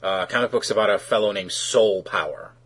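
A man casually recapping a cartoon episode in a conversational, halting way, with fillers and asides. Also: lowish voice, a bit bright, slightly rough.

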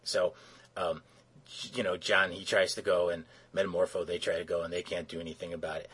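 A man's voice: low-pitched, little pitch movement, brisk, a bit bright, breathy edge. A man co-hosting a podcast, recapping a cartoon episode in a rambling, sarcastic casual way. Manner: rambling, sarcastic, many restarts. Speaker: podcast co-host.

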